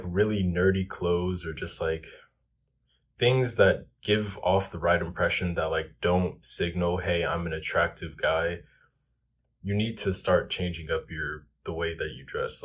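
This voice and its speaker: A man's voice: low-pitched, breathy edge. A young man giving casual self-improvement advice, loose and full of "like" and "um". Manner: loose, filler-heavy, lots of "like" and "um".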